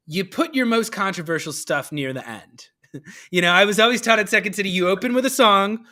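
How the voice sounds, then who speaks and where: A man hosting a casual live-stream conversation, telling stories with a lively comic delivery. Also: high voice. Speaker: host.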